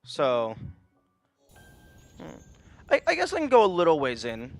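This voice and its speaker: A game streamer giving low-key let's-play commentary, musing and talking to themself while playing. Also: huge pitch swings, measured pace, soft background music.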